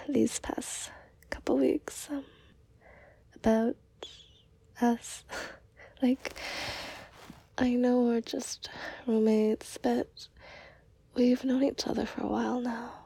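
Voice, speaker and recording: Breathy whispering woman, slow and flirty. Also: on the high side, no echo. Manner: flirtatious and giggly, soft and hesitant. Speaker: audio role-play performer. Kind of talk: whispered role-play.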